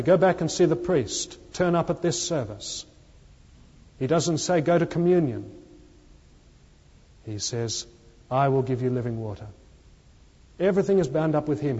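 A man preaches in a church, emphatic and repetitive, his voice falling low on the lines he quotes. His voice is mellow and slightly husky. The dull, lo-fi recording carries a long reverb from the hall. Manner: emphatic, repeating key phrases, dropping his voice on quotes. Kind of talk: sermon.

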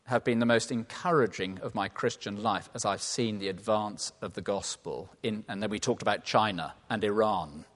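Man preaching in a reverberant hall. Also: fairly low pitch. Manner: animated, playful asides and laughter, drops to quiet earnest tones. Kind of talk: sermon. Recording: long reverb of a large hall.

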